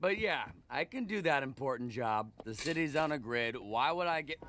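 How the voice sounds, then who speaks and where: A man's voice: mid-range voice, lively intonation, normal speed, background noise, lightly acted. A man voicing a dopey, easygoing young slacker in a cartoon. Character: laid-back goofy young man slacker.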